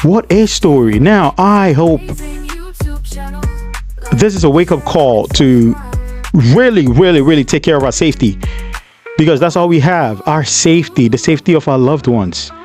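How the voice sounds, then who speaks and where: A man's voice: on the high side, darkish tone. A man hosting a reaction channel, talking back at a story video with effusive praise and blunt insults. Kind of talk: emotional reaction commentary.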